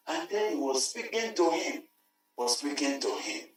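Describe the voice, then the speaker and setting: Guy preaching real slow, highish voice, booming church echo, mic kinda far. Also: big pitch swings. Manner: emphatic, repeats phrases, rises to shouts. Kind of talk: sermon. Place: large church hall. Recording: very echoey church hall, mic far off, faint music.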